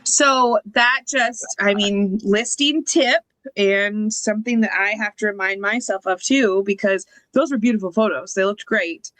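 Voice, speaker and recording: Woman, podcast co-host, relaxed casual chat, tips, dry close sound. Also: mid-range voice, a little slow, few pauses, no echo, low-quality recording.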